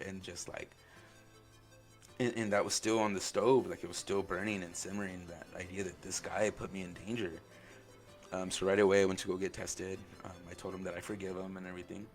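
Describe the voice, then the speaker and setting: A man hosting a podcast, telling his own story in an earnest, halting way, full of "like" and "um". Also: deep voice. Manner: earnest, openly emotional. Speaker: podcast host. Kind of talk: personal storytelling.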